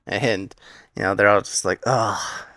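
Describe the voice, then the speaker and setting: A young man with a low, deep voice talks through an anime episode in a casual recap. He is eager and lively in his retelling, briefly putting on the characters' lines. The sound is dry and close, with no room around it. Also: no echo. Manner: enthusiastic, retells scenes with quick quoted voices.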